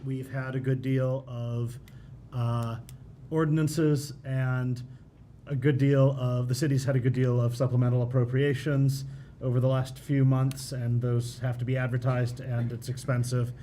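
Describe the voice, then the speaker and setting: Man, city councilor, hesitant, many ums, flat dark voice, faint room noise. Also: mid-range voice, a little slow. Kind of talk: council meeting discussion.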